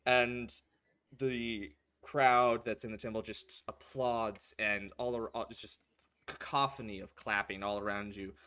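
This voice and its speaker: A man's voice: lowish voice, fairly even intonation, normal speed, pushed and bright. A man narrating a tabletop game as game master, casual and full of fillers.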